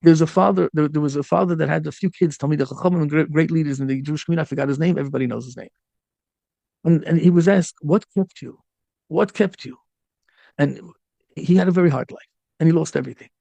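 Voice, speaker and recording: Gravelly, impassioned male rabbi preaching. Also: on the high side, steady tone, rapid-fire, dark tone, no echo, highs cut off. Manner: impassioned, repeats and restarts phrases; mixes in Hebrew and Yiddish terms. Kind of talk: storytelling sermon.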